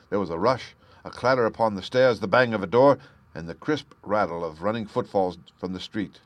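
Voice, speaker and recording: A man narrating a classic detective story in a steady, even storytelling manner. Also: on the low side, moderate pace, dry recording. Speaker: audiobook reader. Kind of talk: scripted narration.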